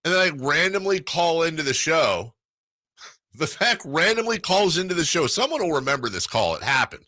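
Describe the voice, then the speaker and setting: Excitable male sports radio host. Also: on the high side, no echo. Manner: animated storyteller, excitable, quick asides. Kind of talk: casual sports talk banter. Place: radio studio.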